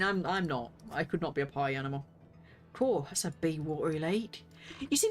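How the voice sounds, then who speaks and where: A young woman chatting casually on a game livestream, excitable and quick to gasp and squeal. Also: a little high. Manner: excitable, jumps into squeals and gasps. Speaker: streamer.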